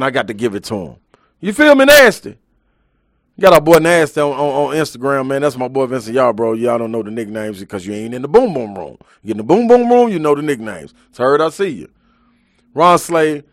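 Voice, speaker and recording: A man's voice: medium pitch, fairly bright tone, dry recording, clean studio sound. A man hosting a live sports talk show, ranting emphatically in heavy slang.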